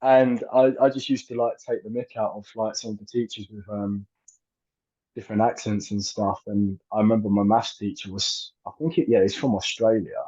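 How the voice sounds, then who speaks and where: Male guest, 30s, low-pitched, hesitant and filler-heavy; muffled lo-fi recording. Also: level tone, moderate pace, warm tone. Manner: hesitant, many fillers and restarts. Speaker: actor and filmmaker guest. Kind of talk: casual interview chat. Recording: dull lo-fi audio.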